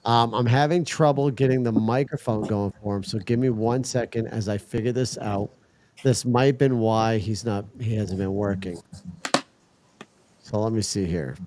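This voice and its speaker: A man's voice: lowish voice, fairly even intonation, moderate pace, a little mellow, a little hiss or hum. A man hosting a casual livestream, talking to his chat while he fixes a setup and swearing now and then in frustration. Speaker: livestream host.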